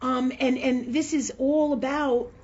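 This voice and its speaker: Husky lady host rambling thru a spiritual health reading, dull lo-fi livestream sound. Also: sits high, fairly even intonation, unhurried, darkish tone. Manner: chatty and rambling, keeps asking "right?", swears casually. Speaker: medical intuitive host.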